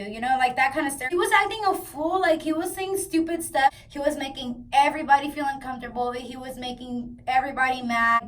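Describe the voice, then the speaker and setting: A young woman vlogger telling a personal story in a casual, chatty storytime, full of "like" and animated retelling. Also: sits high, brisk, few pauses, recorded from a distance. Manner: chatty, animated, heavy use of "like".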